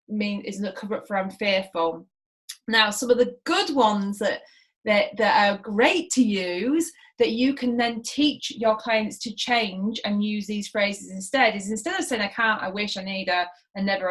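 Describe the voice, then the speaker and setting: A woman's voice: medium pitch, rough recording. A woman mindset coach teaching a lesson on listening skills, acting out client phrases as she explains. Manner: lively, acts out client phrases.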